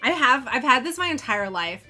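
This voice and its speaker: A woman's voice: high voice, sing-song, moderate pace, pushed and bright. A woman from Missouri with a Valley Girl inflection, chatting casually and rambling while she crochets on a live stream. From Missouri, USA. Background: faint background music.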